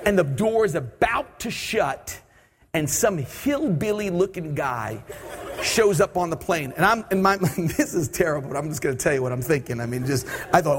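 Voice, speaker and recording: Animated preacher man in reverberant hall. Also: high voice, normal speed. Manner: animated storytelling, acts out his own thoughts. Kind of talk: sermon with personal story. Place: church service.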